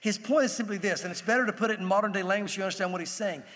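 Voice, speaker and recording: A man's voice: high-pitched, very fast, a bit bright, in a large hall. A man preaching a sermon in a conversational way, acting out the voices he quotes. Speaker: pastor.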